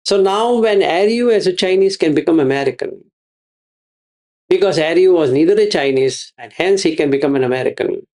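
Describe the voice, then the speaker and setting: Man, meditation teacher, gravelly voice, repetitive phrasing, rhetorical questions. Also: on the high side, lively intonation, moderate pace, darkish tone. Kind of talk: Buddhist teaching talk.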